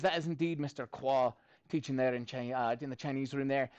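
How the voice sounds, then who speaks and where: A man's voice: mid-range voice, brisk, a little mellow, no echo. A man teaching a math class, upbeat and chatty, tossing jokey asides to his students between explanations.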